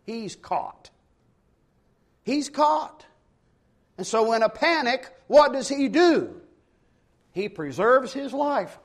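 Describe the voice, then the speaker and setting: Male preacher, sermon, high voice, slow deliberate delivery, dramatic. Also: expressive. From not from Ohio; lives in Ohio. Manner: dramatic, acts out quoted dialogue.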